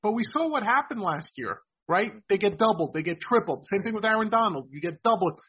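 High, husky-voiced man explaining sports. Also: expressive, brisk, a bit bright, dull audio. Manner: explanatory, keeps adding "right?". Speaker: podcast host. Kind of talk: casual sports talk.

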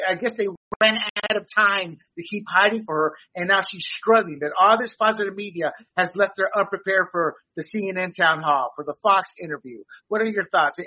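A high, bright-voiced man hosts a political talk show. He sounds a little husky, chats freely and laughs often as he reads out figures. The recording is slightly dull and lo-fi. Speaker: podcast host.

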